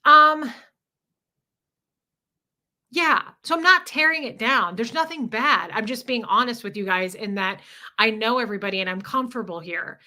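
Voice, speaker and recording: A young woman hosts a casual livestream, chatting warmly and reading out viewers' names and comments as she goes. Her voice sits fairly high and sounds bright and clear. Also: normal speed, pauses often. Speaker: livestream host.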